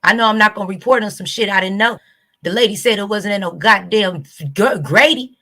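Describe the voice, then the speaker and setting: A woman's voice: mid-range voice, brisk, bright, forceful tone. A woman YouTube host with a Southern US accent, ranting bluntly and profanely to her viewers. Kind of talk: casual reaction rant to camera.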